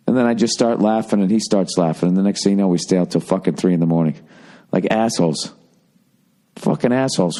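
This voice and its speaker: A man's voice: lowish voice, a little fast, mellow. A man in his forties, a podcast host, telling a loose, profane and self-deprecating comic rant that rambles and restarts mid-sentence. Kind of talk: casual comedic rant.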